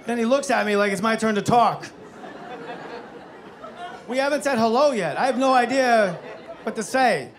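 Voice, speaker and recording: A man doing stand-up comedy, telling animated, profane, self-mocking stories to a live audience. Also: very high-pitched, normal speed, long pauses. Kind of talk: stand-up storytelling. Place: stage before a live audience. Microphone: wearing a microphone. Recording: live stand-up with faint crowd.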